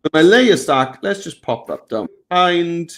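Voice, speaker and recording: A man hosting a live software lesson, chatting and guiding the viewers step by step. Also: a little high, animated, measured pace. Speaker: tutorial host.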